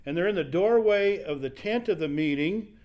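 A man's voice: high voice, lively intonation, normal speed, darkish tone. A man teaching a Bible passage in a conversational sermon, acting out the quoted speakers as he goes.

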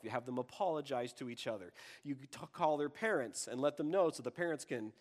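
A man preaching a sermon in a conversational way, breaking into quick impressions of children and adults. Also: medium pitch, expressive. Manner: conversational, acts out quoted voices of kids and adults.

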